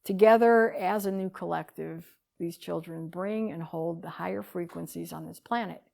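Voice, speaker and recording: A woman giving a talk, telling a story with animated swings between loud bursts and hushed lines. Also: on the low side, normal speed, creaky. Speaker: speaker.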